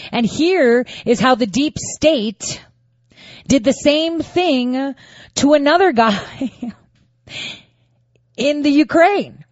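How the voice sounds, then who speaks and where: A woman's voice: medium pitch, no room sound, lo-fi sound. A woman giving casual political commentary, firing off rhetorical questions and sarcastic asides.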